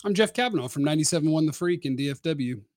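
Man, sports radio host, casual live-stream commentary, opinionated, rambling, fairly high voice, dry sound. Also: lively intonation, very fast, a little mellow, no room sound.

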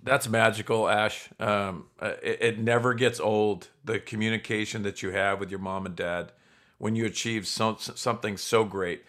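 A male interviewer with a bright, edgy tone. He reflects on the guest's story and pauses on small fillers before asking his next question. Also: fairly low pitch, steady tone.

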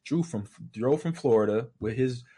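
A man co-hosting a casual gaming podcast, telling stories in an animated way and laughing often. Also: medium pitch, moderate pace, breathy edge. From Houston, Texas. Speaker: podcast co-host.

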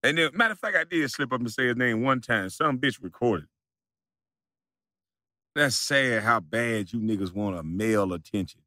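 A video creator launches a mocking, profane rant at a rival, repeating his taunts and breaking into laughter. His medium-pitched voice is pushed and bright at a moderate pace. The studio-quality recording has no room sound.

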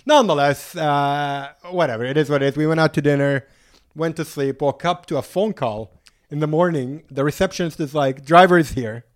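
A man's voice: on the high side, brisk. A man on a podcast telling a travel story in casual chat, acting out the people he quotes and laughing often.

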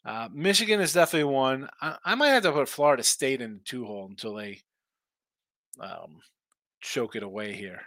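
A man's voice: medium pitch, lively intonation, brisk, bright, forceful tone, dry recording. A man hosting a sports betting live stream, tired and yawning, rambling through picks and reading viewer chat aloud. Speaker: sports betting show host.

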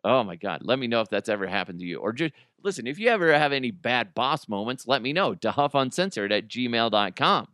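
A man's voice: medium pitch, big pitch swings, brisk, hardly any pauses, a bit bright, dry recording, studio quality. A man hosting his own podcast in a casual solo style, reading news items aloud and joking about them. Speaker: podcast host.

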